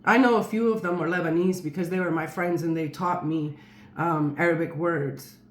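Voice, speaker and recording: A woman's voice: on the low side, fairly even intonation, normal speed, a little hiss or hum. A woman telling a personal story to camera in a casual, rambling way, with many fillers and restarts. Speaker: storyteller vlogger. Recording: roomy echo.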